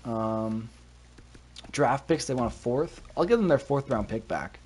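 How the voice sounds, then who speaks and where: A man in a casual live stream, chatty and quick to react, thinking out loud as he goes. He sounds like he is at a home setup, speaking at an everyday middle pitch into a covered desk mic. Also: animated, slightly rough. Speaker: streamer playing a hockey management game.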